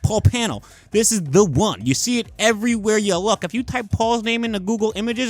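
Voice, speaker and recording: A man with a high voice rants in casual commentary. He sounds exasperated and mocking and swears freely. Faint music plays softly behind him. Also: big pitch swings, fast talker, hardly any pauses. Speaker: comic commentary host.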